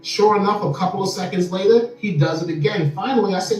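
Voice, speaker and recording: A man telling a long story as an interview guest, animated and often repeating words as he starts sentences. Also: sits high, fast, hardly any pauses. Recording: echoey room, far from mic, faint music.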